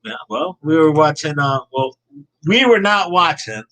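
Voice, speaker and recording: Bright-voiced male podcast host. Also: a little high, animated, unhurried, poor audio. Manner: upbeat, reads out viewer comments. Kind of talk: casual live-stream chat.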